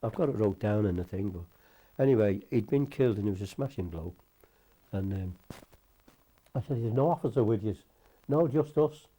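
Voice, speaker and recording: An elderly man recounts his memories in a loose, rambling interview, sprinkling in mild curses as he goes. His voice sits low and sounds very dark and mellow. He talks like someone chatting at home. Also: a little fast, pauses often. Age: older. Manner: rambling anecdotal, salty, mild swearing. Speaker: war veteran interviewee. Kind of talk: casual storytelling interview.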